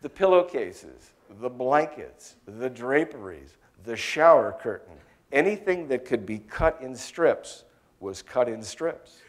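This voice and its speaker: A middle-aged American man giving a talk, telling lively anecdotes in a chatty way with plenty of fillers. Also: medium pitch, slow pace.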